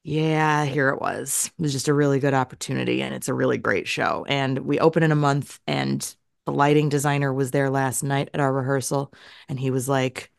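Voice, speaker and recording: A woman in her thirties co-hosting a podcast, chatting casually and telling stories in a lively, animated way. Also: extremely low pitch, fairly quick, creaky, no echo, studio quality. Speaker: podcast co-host. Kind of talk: casual chat.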